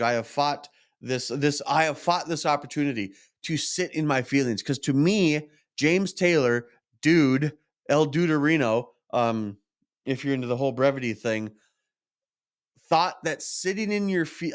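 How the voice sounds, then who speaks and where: Podcast guy rambling through his feelings, blunt and swearing, a bit worked up. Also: on the high side. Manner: candid, frustrated, self-reflective, swears freely. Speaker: podcast host. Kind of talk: personal monologue.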